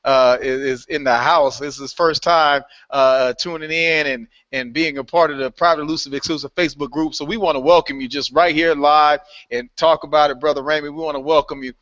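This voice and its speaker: A man hosting a live online call, welcoming new members in a lively, playful way and laughing often. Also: fairly high pitch, brisk, hardly any pauses, dry recording. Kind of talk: casual live call-in chat. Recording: dull lo-fi online call audio.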